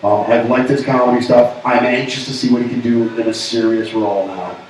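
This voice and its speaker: A man from Canada co-hosting a casual pop culture show, bantering and joking in an animated way. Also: medium pitch, brisk, recorded from a distance. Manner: joking, animated, jumps into bits and shouts. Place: pub. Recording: echoey room, voice from off mic.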